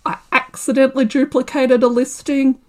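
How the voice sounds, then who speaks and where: Lively woman telling a story. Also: high voice, moderate pace. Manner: animated, laughing, acts out her own reactions. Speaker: guest, small shop owner. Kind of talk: casual storytelling chat.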